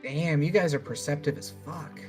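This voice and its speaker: A man's voice: on the high side, normal speed, darkish tone, soft background music. A man running a tabletop game as dungeon master, casual and laughing as he narrates, with some swearing.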